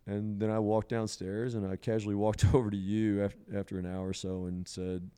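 A man's voice: fairly low pitch, flat delivery, brisk, mellow, clean tone. A man telling a personal story in casual conversation, rambling with many fillers and frequent laughter. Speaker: podcast guest sharing a psilocybin experience.

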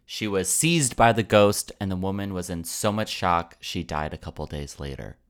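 Low, smooth-voiced male podcast host. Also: normal speed. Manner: relaxed, jokey, narrating folklore with asides. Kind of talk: casual storytelling chat.

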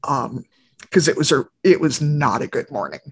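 A woman's voice: deep voice, lively intonation, moderate pace, a little hiss or hum. A woman co-hosting a podcast, telling candid, chatty stories about family life. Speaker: podcast co-host. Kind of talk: casual podcast conversation.

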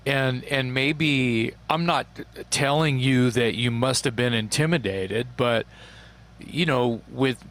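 A man's voice: medium pitch, fairly bright tone. A man hosting a podcast, chatting casually with enthusiasm and swearing freely. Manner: enthusiastic, profane, quick to jump in. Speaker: podcast host. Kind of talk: casual chat.

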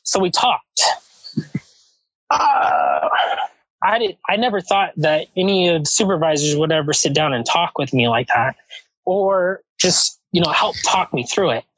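Halting, reflective man recalling a hard day. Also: on the high side, a bit bright, husky, no echo, low-quality recording. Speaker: guest. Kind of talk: casual chat.

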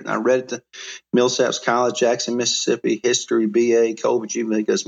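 A middle-aged man from Alabama, telling life stories as an interview guest in an animated way with frequent restarts. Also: medium pitch, quick pace, creaky. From Mobile, Alabama. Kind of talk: storytelling interview.

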